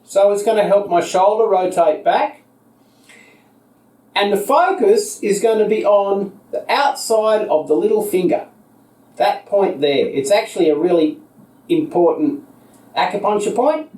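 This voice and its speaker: High-voiced Australian man teaching yoga. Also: measured pace. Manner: calm, patient cues paced to the breath. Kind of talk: guided seated yoga instruction. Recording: echoey room, voice picked up from a distance.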